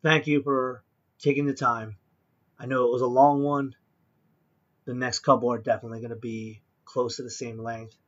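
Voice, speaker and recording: A man's voice: medium pitch, level tone, normal speed, dull audio. A man hosting a casual podcast, talking earnestly and appreciatively, rambling a little with fillers. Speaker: podcast host. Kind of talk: casual interview podcast wrap-up.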